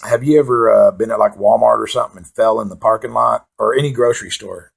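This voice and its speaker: A man's voice: lowish voice, fast, vocal fry, husky. A man doing rambling, profane stand-up storytelling, full of fillers. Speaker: comedian. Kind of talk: stand-up monologue.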